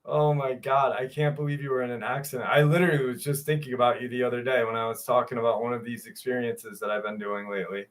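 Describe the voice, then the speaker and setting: A man's voice: mid-range voice, fairly even intonation, fast, hardly any pauses. A man hosting a live stream, chatting casually with viewers by name, swearing freely, and reading out a story.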